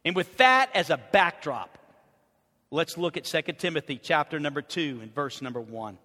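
A middle-aged man preaching a sermon as pastor, swinging from soft confiding asides to loud shouted peaks. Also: a little high, lively intonation, moderate pace. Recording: reverberant hall.

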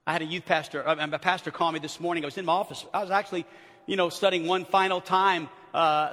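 A middle-aged man preaching a sermon as pastor, swinging from hushed murmurs to shouted emphasis and acting out the people in his stories. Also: sits high. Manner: animated storyteller acting out quoted speech. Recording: long reverb of a large church hall.

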